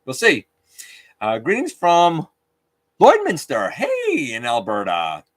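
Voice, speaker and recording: A man's voice: fairly high pitch, huge pitch swings, slow, a bit bright. A man hosting a casual live stream, chatting openly and outspokenly while reading out viewer comments.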